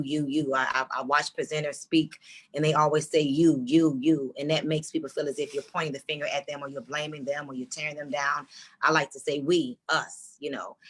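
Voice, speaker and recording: A woman's voice: low voice, fairly even intonation, normal speed. A woman giving earnest advice as a panelist.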